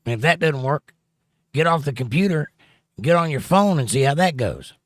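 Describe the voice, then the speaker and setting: A man's voice: on the high side, expressive, moderate pace, no room sound, clean studio sound. Sarcastic, joking stream host man. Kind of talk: casual live stream chat.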